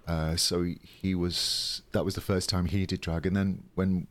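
Speaking a little slowly in a dry recording, this UK drag performer in his thirties has a deep, flat voice. He's an interview guest telling casual stories, chatty but hesitant, with frequent ums and false starts.

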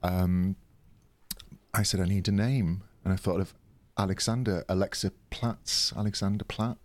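Very deep-voiced man chatting. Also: steady tone, moderate pace, no echo. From United Kingdom. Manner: chatty and hesitant, many ums and restarts, laughs often. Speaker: drag performer, interview guest. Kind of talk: casual interview storytelling.

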